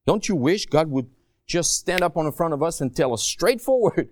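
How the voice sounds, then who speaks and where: High-voiced animated man preaching. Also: moderate pace, dry recording, studio quality. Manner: animated, swings between low asides and high emphatic cries; joking, self-deprecating asides. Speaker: guest preacher. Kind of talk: sermon.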